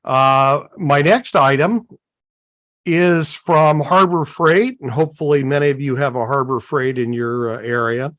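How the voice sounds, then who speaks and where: Unhurried folksy man co-hosting. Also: medium pitch, fairly bright tone, no echo. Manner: unhurried, folksy, many fillers. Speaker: co-host. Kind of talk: casual show-and-tell chat.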